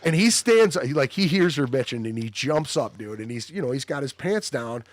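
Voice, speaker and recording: A man's voice: mid-range voice, animated, moderate pace, dry recording. A man hosting a podcast, telling wild stories with lots of swearing and laughter. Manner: profane, laughing storyteller. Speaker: podcast host. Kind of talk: casual storytelling chat.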